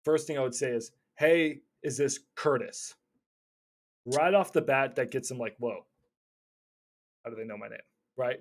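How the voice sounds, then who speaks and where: A young man teaching casually about cold calling, acting out both sides of phone calls in lively voices. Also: medium pitch. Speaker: real estate wholesaling coach.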